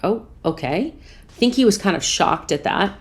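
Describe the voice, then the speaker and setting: A woman podcast host earnestly retelling a personal story, acting out both sides of a conversation. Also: medium pitch. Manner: earnest, calm, measured.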